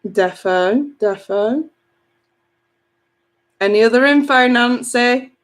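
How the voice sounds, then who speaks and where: A woman's voice: on the high side, slow. A woman, a tarot reader chatting on a live stream, reading out viewer comments in a chatty, giggly way with casual swearing.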